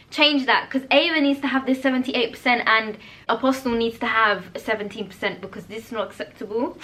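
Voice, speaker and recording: High-voiced chatty woman. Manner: animated, blunt and chatty. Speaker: vlogger reviewing films. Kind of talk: casual chat.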